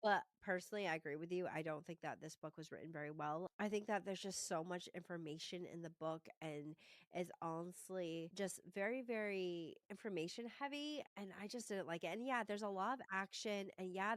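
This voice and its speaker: An American woman co-hosting a book podcast in casual chat, upbeat and quick to laugh. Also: mid-range voice, dry recording. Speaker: podcast co-host.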